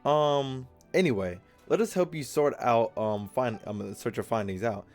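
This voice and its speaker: A man of ordinary pitch reads game dialogue aloud, casual and jokey, stumbling over words and swearing now and then. Soft game music plays beneath his voice. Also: measured pace. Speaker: gaming video host. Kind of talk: reading game dialogue aloud while playing.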